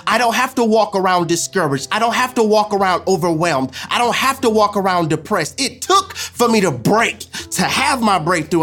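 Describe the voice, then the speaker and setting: A man preaching a sermon as pastor, repeating lines and swinging from loud declarations to hushed asides. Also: on the high side.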